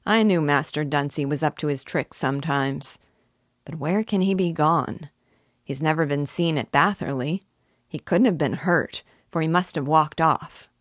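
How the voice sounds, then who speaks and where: A woman's voice: low voice, normal speed, no room sound, studio quality. A woman reading aloud and voicing a blunt, gossiping male horse dealer in a chatty, insinuating way.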